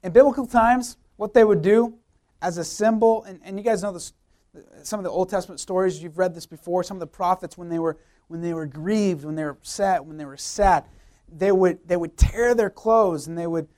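A man's voice: sits high, moderate pace, a little mellow. Emphatic man preaching a sermon. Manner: emphatic, repeats key phrases, rhetorical questions. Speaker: youth pastor.

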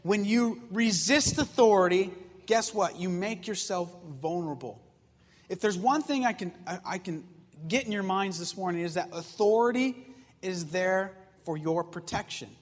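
A man preaching to young people, lively and joking, asking the crowd questions and bringing a volunteer up on stage. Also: sits high, moderate pace, big-room sound. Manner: lively, jokey, talks straight to the crowd. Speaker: youth pastor. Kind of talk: sermon with audience participation.

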